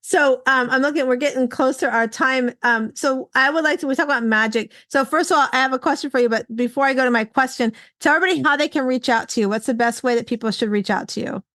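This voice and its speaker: A middle-aged woman hosting an interview in an eager, affirming way. Her voice sits a bit high, and the recording is dry and close with no room sound. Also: quick pace, few pauses, a bit bright, dry recording. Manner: enthusiastic, affirming. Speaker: podcast host. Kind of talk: conversational interview.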